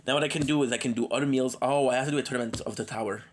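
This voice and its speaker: A worn-out man hosts a live gaming stream and chats loosely with viewers he knows by name. He rambles and jokes, slipping in stray foreign phrases, and sounds like a cold is coming on. His voice sits at an ordinary middle pitch. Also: fairly even intonation, very fast, slight background noise. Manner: rambling and playful, drops in foreign words. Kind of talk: casual livestream chat.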